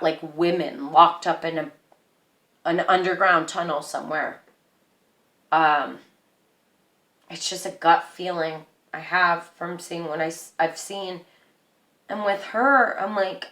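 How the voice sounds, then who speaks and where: A woman's voice: on the low side, slow, long pauses, sharp tone, reverberant. A young woman telling a personal story in an emotional, rambling way, with many restarts.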